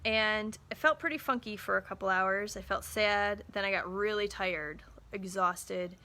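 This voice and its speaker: This mother and small business owner, in her thirties, takes her time telling a story to viewers in a relaxed live talk. Her mid-range voice sounds bright and forceful, and her chatty storytelling includes acting out what people said.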